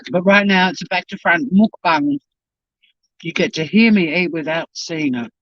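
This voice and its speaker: Eating as he goes, a YouTube channel host rambles through a casual live-stream chat, talking with his mouth full in a voice pitched a little high. He keeps a moderate pace, and his home camera mic makes the recording dry, close and slightly muffled, with a lo-fi feel.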